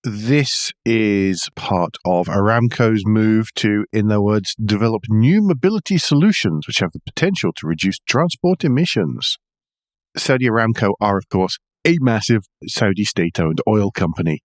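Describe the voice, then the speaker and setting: A man's voice: on the low side, lively intonation, moderate pace, dry recording, studio quality. A man hosting a car news podcast, joking and teasing his co-host. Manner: teasing, jokey. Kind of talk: casual chat about car news.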